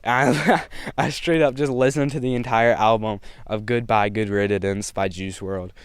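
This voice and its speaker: A man's voice: medium pitch, steady tone, moderate pace, smooth, no room sound. Laid-back young man telling a story. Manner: slangy, laid-back, laughs between lines. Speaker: vlogger. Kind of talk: casual storytime.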